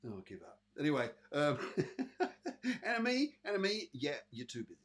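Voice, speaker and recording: A man's voice: fairly high pitch, huge pitch swings, moderate pace, a bit bright, slight background noise. A British man hosting a live online psychic show, chatting casually with viewers and giving readings with lots of fillers. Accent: British English. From Britain. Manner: chatty, addresses viewers by name, many fillers. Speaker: psychic medium and show host.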